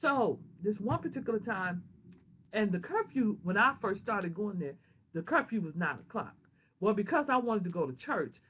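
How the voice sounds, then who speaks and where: A woman vlogger telling a personal testimony in an animated, emotional, prayerful way, on a dull lo-fi home recording. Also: medium pitch, slightly rough.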